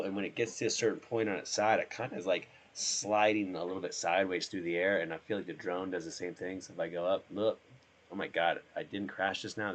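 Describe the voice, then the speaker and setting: A hoarse man, sick, chatting casually and rambling as he streams himself playing a drone simulator. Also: sits low. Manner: rambling, trails off.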